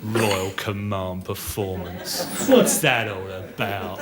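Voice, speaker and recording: Sardonic stand-up man, lively voice. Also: on the low side, slow, few pauses, a loud crowd. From Britain. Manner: sardonic, rambling, chatty asides. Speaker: stand-up comedian. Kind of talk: stand-up comedy routine. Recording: noisy old stand-up recording.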